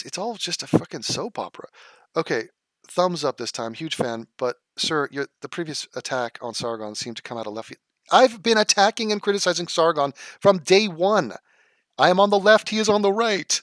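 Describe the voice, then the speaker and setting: High-voiced sarcastic male vlogger. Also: fairly bright tone, no echo, clean studio sound. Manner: sarcastic, profane, exasperated. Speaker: vlogger reading and answering viewer comments. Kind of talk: combative commentary vlog.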